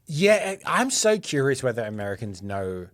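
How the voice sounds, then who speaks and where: A man's voice: mid-range voice, very animated, moderate pace, dry recording, studio quality. A man with an Australian accent co-hosting a podcast, talking in a chatty, jokey way and explaining things at length. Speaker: podcast co-host. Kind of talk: casual podcast chat.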